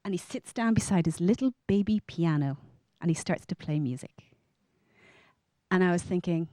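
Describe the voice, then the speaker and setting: A woman's voice: normal speed, pauses often, dry recording, studio quality. A woman in her thirties with an Irish accent, telling a personal story live on stage and acting out the lines of the people in it. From Ireland. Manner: animated, acts out quotes with big pitch jumps. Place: stage before a live audience.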